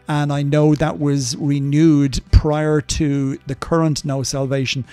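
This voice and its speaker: Older guy on a game stream, chatty and rambly, higher pitch but mellow, faint music behind. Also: no echo. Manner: chatty and rambling, full of ums and asides. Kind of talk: casual live-stream chat answering viewers.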